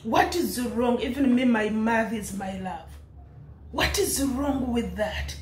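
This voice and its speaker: A woman's voice: fairly high pitch, measured pace, darkish tone, reverberant, a little hiss or hum. A woman with an East African English accent ranting in commentary, indignant and laughing, firing rhetorical questions. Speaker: commentary vlogger.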